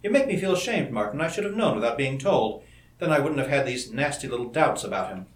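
A man's voice: mid-range voice, big pitch swings, quick pace, lightly acted. A man reading an audiobook, voicing an anxious, hurt young woman in a raised voice. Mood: ashamed. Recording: roomy echo.

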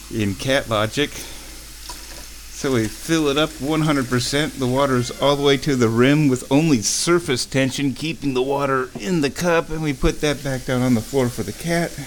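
A man's voice: mid-range voice, a little hiss or hum. A man casually narrating a home vlog from his kitchen, rambling and self-amused, often chuckling as he talks. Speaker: vlogger.

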